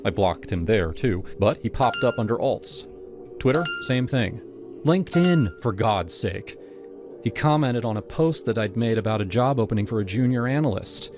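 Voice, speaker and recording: A man with a fairly low voice reads a horror story aloud in a steady, scripted first-person narration. Music plays clearly behind him throughout. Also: normal speed.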